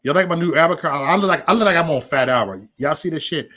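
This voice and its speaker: A man hosting a casual livestream, joking loudly and cursing, breaking into laughter often. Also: fairly high pitch, fast. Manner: loud, joking, profane banter with frequent laughs. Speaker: live stream host.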